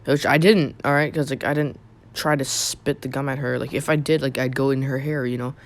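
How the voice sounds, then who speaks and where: A man's voice: mid-range voice, little pitch movement, a little fast. A young man casually telling a personal story on his channel, rambling with many fillers and restarts. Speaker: YouTube storyteller.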